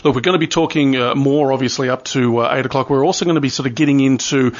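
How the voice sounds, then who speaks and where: A man co-hosts a radio show in a relaxed, chatty way. His patter is wry and brisk. The sound is dull and a little lo-fi. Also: mid-range voice. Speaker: radio co-host. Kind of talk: casual radio chat.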